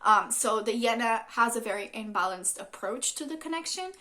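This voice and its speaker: A woman's voice: fairly high pitch, animated, moderate pace, bright, forceful tone. Casual rambling woman reading tarot. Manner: rambling, casual, swears freely, many fillers. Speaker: tarot reader.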